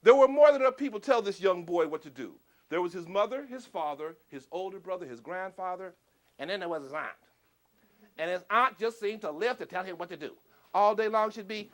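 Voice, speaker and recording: Animated high-voiced male storyteller. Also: fairly quick. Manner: expressive, swings between booming shouts and hushed asides, talks to listeners. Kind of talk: animated folk tale telling to a live audience.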